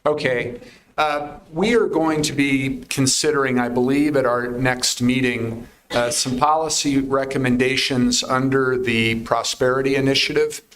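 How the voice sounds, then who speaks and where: A man serving as a county supervisor, making measured procedural remarks with some fillers at a public meeting. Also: mid-range voice, steady tone, a bit bright, slight background noise.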